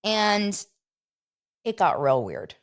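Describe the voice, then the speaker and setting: A woman hosting a casual gossip podcast, telling a story with lively retelling of who said what. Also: very slow. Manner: animated storyteller, acts out quotes in a higher voice. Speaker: podcast host.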